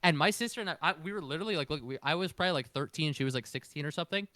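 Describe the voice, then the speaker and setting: A man's voice: on the high side, lively intonation, rapid-fire, sharp tone, dry recording. A young man co-hosting a podcast in casual chat, blunt and profane, rambling through stories. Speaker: podcast co-host.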